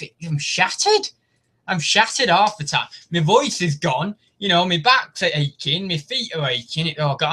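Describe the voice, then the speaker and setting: A young man hosting a casual live stream, chatting in a rambling, self-mocking way. His voice sits a little high and sounds bright and forward. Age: young adult. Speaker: YouTube host.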